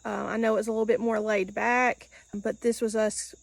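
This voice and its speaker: Gravelly-voiced woman vlogger, relaxed. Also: a little high, no room sound. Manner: relaxed, halting, many ums. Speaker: vlog host. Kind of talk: casual thank-you to viewers.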